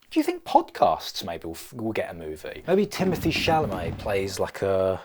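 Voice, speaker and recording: A man's voice: sits low, wildly swooping pitch, moderate pace, hardly any pauses, noisy background. A man riffing through a comedic solo vlog, rambling and self-mocking, often stopping to restart his thoughts. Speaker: vlogger.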